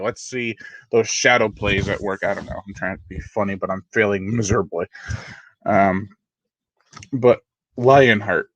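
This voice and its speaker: A man's voice: fairly low pitch, unhurried, long pauses, no room sound, dull audio. A man hosting a live unboxing stream in a casual, rambling, self-deprecating way, often restarting his sentences. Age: adult. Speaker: horror channel host.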